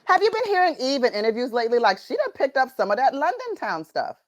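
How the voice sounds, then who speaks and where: A woman interviewer chatting playfully with her guest, asking questions with lots of laughter and quick reactions. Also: high-pitched, very animated. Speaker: interviewer, correspondent. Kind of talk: casual interview chat.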